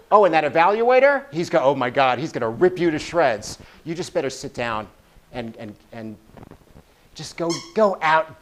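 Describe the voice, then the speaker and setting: A man voicing a nagging male gremlin, his own inner critic, who scolds in frantic rapid-fire put-downs. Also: fairly high pitch, a little hiss or hum, pitched above the performer's own voice, low-quality recording.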